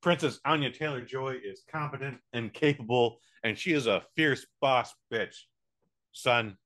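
American man, podcast co-host, middle-pitched voice, casual and profane, lots of quick impressions. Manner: animated, profane, does quick silly voices. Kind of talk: casual movie review chat.

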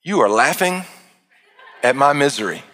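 A man, telling an animated story to an audience and acting out the shouts and panic. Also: medium pitch, normal speed, big-room sound. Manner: expressive, acts out shouts and panic, jokes with the crowd. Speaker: speaker addressing an audience.

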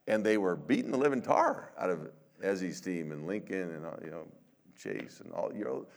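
A man's voice: fairly low pitch, creaky. An older man, a pastor of many years, giving a conversational sermon, telling stories with self-deprecating humor and acting out quotes.

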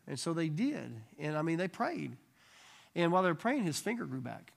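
Bible study teacher: animated man, slightly high, gravelly voice, casual storytelling. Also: a little fast. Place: room with a live group.

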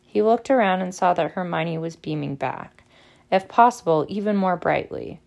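A woman narrating an audiobook in a measured, expressive way. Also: on the low side, vocal fry.

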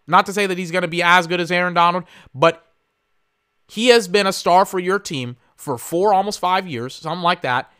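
A man's voice: high-pitched, a little fast, bright, forceful tone, clean tone. A young man from Texas, ranting casually about football as a podcast host. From Austin, Texas. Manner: opinionated, ranting, profane. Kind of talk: casual sports commentary.

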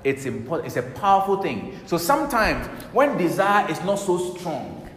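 A man's voice: sits high, sing-song, normal speed, fairly bright tone, slight background noise. A man preaching a sermon emphatically, repeating key words and quoting scripture. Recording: echoey hall with faint ambience.

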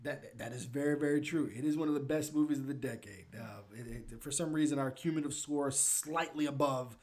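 A movie review show co-host in casual chat, animated and laughing often. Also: medium pitch, a little fast.

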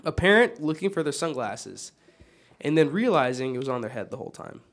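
A man's voice: mid-range voice, sing-song, brisk, a bit bright. A young man hosting a casual student podcast, upbeat and playful, often laughing. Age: young adult. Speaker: podcast host.

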